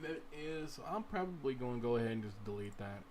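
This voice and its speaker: A man's voice: mid-range voice, lively intonation, fairly quick, a little mellow, slight background noise. A man hosting a casual screen-share game modding tutorial, rambling as he works and urging viewers to try things themselves. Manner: rambling, talks to viewers directly and urges them on. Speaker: gaming livestream host.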